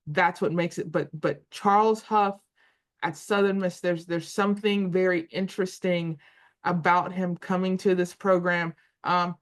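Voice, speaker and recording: A woman in her forties co-hosting a sports talk show, thinking aloud with frequent restarts and repeated words. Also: lowish voice. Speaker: podcast co-host.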